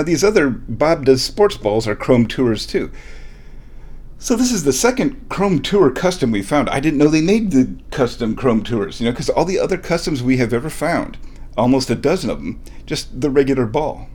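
A man casually telling a story at home about finding golf balls. He laughs often and gets worked up, his voice jumping high when he is thrilled. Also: a little mellow. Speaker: vlogger telling a golf ball hunting story. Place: kitchen at home.

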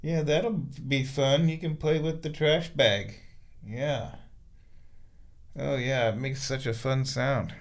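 A man sits in a bathtub in his bathroom, chatting away to his cat in a loose, rambling monologue. His voice has a gravelly fry to it, and his tone turns playful and doting whenever he talks to the animal. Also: medium pitch, steady tone, slow pace.

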